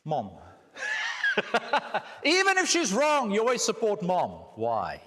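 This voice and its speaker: A man's voice: high voice, wildly swooping pitch, normal speed, background noise. A South African man giving a church teaching talk with slides, joking and asking the room rhetorical questions. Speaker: guest speaker. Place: church hall. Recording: echoey hall.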